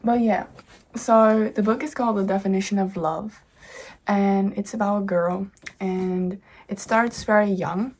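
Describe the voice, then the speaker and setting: A young woman talks into her camera at home, rambling cheerfully and drifting off topic. Her voice sits at an ordinary middle pitch, easy and conversational. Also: fairly even intonation, a little slow, a little mellow. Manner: chatty, easily sidetracked, bubbly. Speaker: author and vlogger. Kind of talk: casual rambling chat. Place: home indoors.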